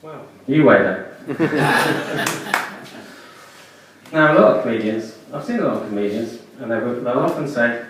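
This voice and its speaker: Animated comedian in an echoey club. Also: male voice, mid-range voice, measured pace, long pauses, a little hiss or hum. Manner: animated storytelling, deadpan asides. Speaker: stand-up comedian. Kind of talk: stand-up comedy set. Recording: echoey club room, distant mic.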